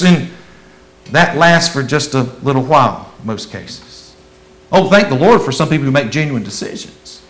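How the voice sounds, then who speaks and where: A man preaching a sermon as a pastor, in a folksy, conversational way that swings between loud emphasis and hushed asides. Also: a little high, lively intonation, normal speed, rough recording.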